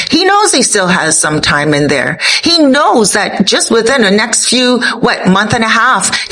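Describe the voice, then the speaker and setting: A woman's voice: mid-range voice, a bit bright, a little hiss or hum, rough recording. A Canadian woman with a Canadian accent, giving an earnest, opinionated commentary monologue straight to her viewers. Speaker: commentary vlogger.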